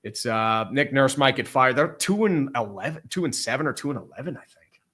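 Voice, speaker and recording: A man's voice: medium pitch, expressive, a little fast, fairly bright tone. A young man co-hosting a casual sports podcast, reading out viewer comments with crude jokes. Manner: crude, joking, reads out viewer messages.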